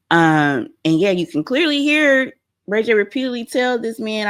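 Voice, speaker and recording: A woman hosting a pop-culture show, giving animated, opinionated commentary on a clip and talking straight to her viewers. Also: fairly low pitch, unhurried.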